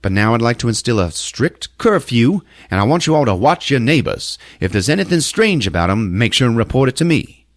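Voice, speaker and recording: A man's voice: mid-range voice, very animated, fairly quick, no echo, clean studio sound, voice pushed up, lightly acted. A man voicing a stern small-town sheriff who lays down rules to a town meeting. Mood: commanding. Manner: authoritative announcing.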